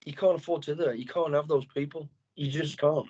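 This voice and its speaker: Middle-aged man, ex-soldier guest, animated and profane; slightly high voice on lo-fi audio. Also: a little fast, breathy edge. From England. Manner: blunt, heavy swearing, animated storytelling. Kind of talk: casual interview chat.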